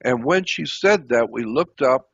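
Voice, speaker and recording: Man recounting a personal experience, husky voice, dry close sound, meandering delivery. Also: medium pitch, lively intonation, measured pace, fairly bright tone, no room sound, muffled recording. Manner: rambling, repeats and restarts phrases. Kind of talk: unscripted storytelling.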